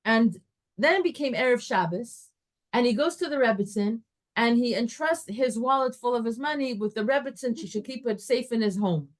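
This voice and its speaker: Woman Torah teacher, fairly high voice, lively storyteller who acts out the dialogue. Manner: animated storyteller, acts out dialogue with rising and falling voice.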